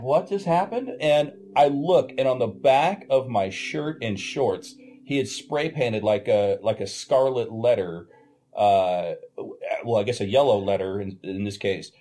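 A man casually telling an animated, profane anecdote in a podcast-style chat. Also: on the low side, measured pace.

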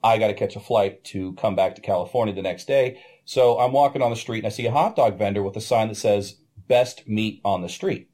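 Man telling a lively story, mellow voice. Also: lowish voice, quick pace, hardly any pauses. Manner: animated, profane anecdote-telling. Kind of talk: casual storytelling chat.

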